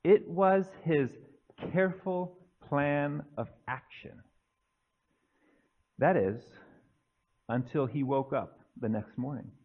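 A male pastor preaching a sermon with deliberate, emphatic pauses. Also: on the high side, narrow, tinny audio.

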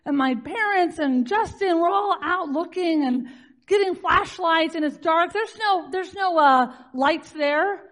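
A woman with a high, bright-toned voice tells a personal story to a live audience. She speaks in an animated, chatty way, scattering "like" through her sentences and laughing at herself as she goes. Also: measured pace.

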